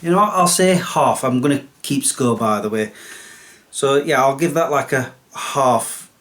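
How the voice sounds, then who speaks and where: A man hosts his own comedy vlog and chats to camera in a casual, sarcastic way. His voice sits at a medium pitch. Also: a little slow, fairly bright tone. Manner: sarcastic, chatty. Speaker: vlogger host.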